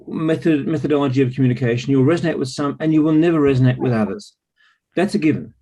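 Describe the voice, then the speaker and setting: A man's voice: medium pitch, fast, dark tone. Thoughtful man on a group call. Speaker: call participant. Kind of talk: casual group call remarks.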